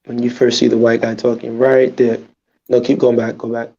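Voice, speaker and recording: A man hosting a podcast in casual chat, giving quick, playful instructions in a gravelly, husky voice. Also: mid-range voice, monotone, warm tone. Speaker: podcast host. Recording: dull lo-fi audio.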